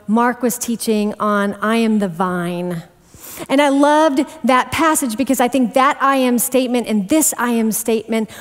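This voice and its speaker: High-voiced woman preaching a chatty sermon. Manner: chatty, self-deprecating and animated. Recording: long hall reverb.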